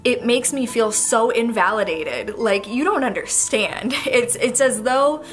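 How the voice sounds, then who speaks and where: A woman's voice: fairly high pitch, a little slow, faint music behind. A young woman speaking candidly to a camera on a tripod in her bedroom, rambling through an emotional confession. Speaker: vlogger. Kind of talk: personal talk to camera.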